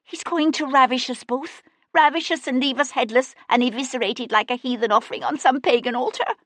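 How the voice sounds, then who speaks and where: Woman putting on a shrill, frantic maid, high and wailing, panicking, storybook. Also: a little fast, fairly bright tone, dry recording. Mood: panicked. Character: hysterical, terrified big-boned maid.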